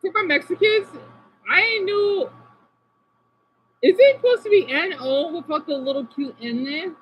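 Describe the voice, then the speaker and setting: A woman's voice: very high-pitched, unhurried, slight background noise, rough recording. A woman live-streaming in a casual, chatty way, talking to viewers by name and sounding out unfamiliar words. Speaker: livestreamer reading chat.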